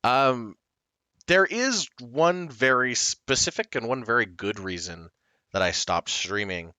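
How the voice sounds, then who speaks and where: A man's voice: medium pitch, lively intonation, slow, pushed and bright, no room sound. A man chatting casually to his stream viewers, rambling and self-deprecating, with plenty of fillers, restarts and short laughs.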